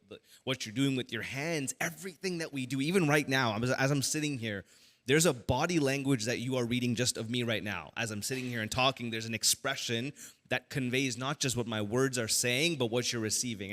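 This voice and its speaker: Lively, bright-voiced male pastor. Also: medium pitch. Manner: animated, with many fillers and restarts. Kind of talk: casual teaching talk to a church audience.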